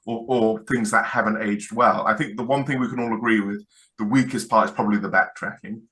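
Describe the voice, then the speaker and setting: A British man chatting casually as a podcast co-host. His voice is bright and forceful. He laughs often and slips into acted game lines. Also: lowish voice, steady tone, fairly quick. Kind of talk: casual chat.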